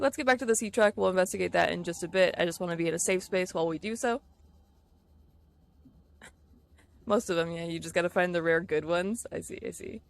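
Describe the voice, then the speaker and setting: A woman's voice: mid-range voice, brisk, gravelly, dry recording. A woman streaming a video game, chatting casually and laughing easily with her viewers as she plays. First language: English. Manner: chatty, giggly, easily distracted. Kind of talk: casual gameplay chat with viewers.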